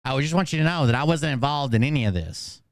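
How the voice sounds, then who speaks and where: A man's voice: medium pitch, expressive, fast talker, no echo, studio quality. A man hosting a livestream, ranting in an angry, combative way and swearing constantly. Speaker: channel host.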